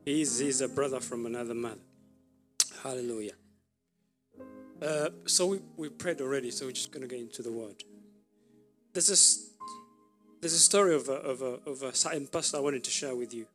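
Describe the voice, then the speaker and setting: A man preaching a sermon, telling a story with pauses and restarts. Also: medium pitch, a bit bright, faint music behind. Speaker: pastor.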